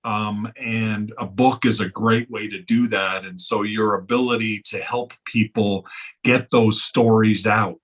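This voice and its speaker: Husky low-voiced man hosting a video call. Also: steady tone, unhurried, fairly bright tone. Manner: earnest and apologetic, with repeated restarts. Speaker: host. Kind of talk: closing remarks on a video call.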